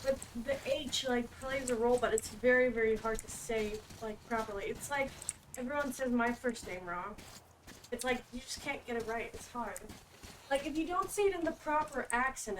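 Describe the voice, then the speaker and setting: A woman's voice: on the high side, moderate pace. A woman joining a stream chat, explaining patiently and hesitantly with lots of fillers. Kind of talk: casual chat. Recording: distant voice with faint noise.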